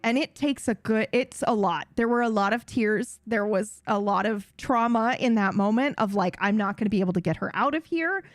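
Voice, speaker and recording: A young woman telling a story in a casual, animated way, swearing and acting out voices. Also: moderate pace, few pauses, no room sound. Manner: animated, swearing, acts out voices with high yelps. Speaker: streamer.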